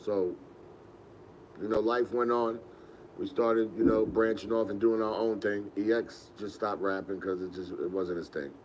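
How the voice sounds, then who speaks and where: A man's voice: fairly low pitch, steady tone, moderate pace, a little mellow, slight background noise, low-quality recording. A young man, hosting a podcast and telling rambling, laid-back stories with laughs. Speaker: podcast host. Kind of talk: casual storytelling.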